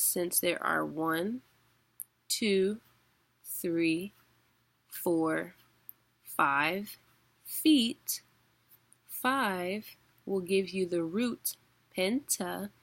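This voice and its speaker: Woman explaining a lesson real slow and patient, lowish gravelly voice, casual with lots of ums. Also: dry recording. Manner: slow, patient explaining with chuckles and filler words. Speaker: poetry teacher.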